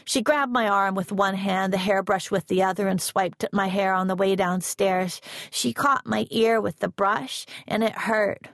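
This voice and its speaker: A woman narrating a first-person novel as an audiobook, in a measured, unhurried reading. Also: mid-range voice, fairly even intonation, a bit bright, no room sound, studio quality.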